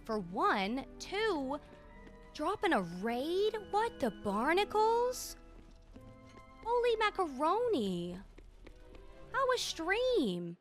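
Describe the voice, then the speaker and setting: A woman streaming a video game, chatting to viewers in an excitable, exclaiming way. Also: sits high. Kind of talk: casual live-stream chatter.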